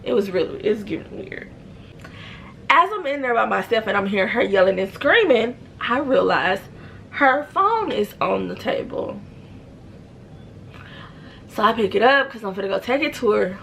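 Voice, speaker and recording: A young woman talks straight to her viewers, telling a personal story in a relaxed, chatty way full of "like." Her mid-pitched voice has a gravelly, creaky texture, and there is a faint hiss in the background. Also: normal speed, long pauses, rough recording. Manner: chatty, slangy, many fillers. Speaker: storytime vlogger. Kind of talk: casual storytelling.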